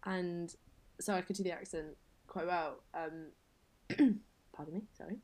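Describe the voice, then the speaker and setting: Low-voiced young woman, chatty guest. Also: steady tone, unhurried, a little mellow. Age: young adult. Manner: chatty, self-deprecating, laughs often. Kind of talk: casual podcast chat.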